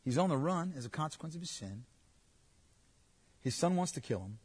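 A man with a husky, slightly high voice preaches a sermon, swinging between loud urging and hushed asides. His voice rings with a long reverb, as in a large hall. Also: lively intonation, moderate pace.

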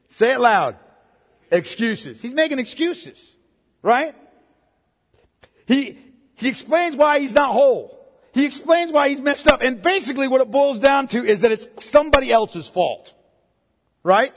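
A man's voice: extremely high pitch, long reverb tail. A pastor preaching a sermon in a conversational way, firing off rhetorical questions and calling listeners "man.".

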